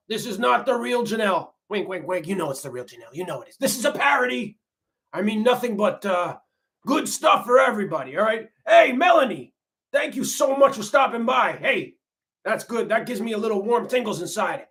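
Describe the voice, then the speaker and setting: A man's voice: high-pitched, a bit bright. A man playing a folksy, laid-back grandmother on a comedic parody livestream, rambling and repeating himself. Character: folksy middle-aged grandmother reality-TV wife, laid-back. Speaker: livestream host.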